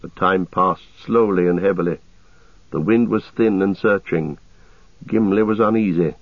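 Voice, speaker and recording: A man narrating a story aloud in a measured storytelling manner. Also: deep voice, no room sound. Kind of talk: audiobook narration. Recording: tinny narrow-band radio sound.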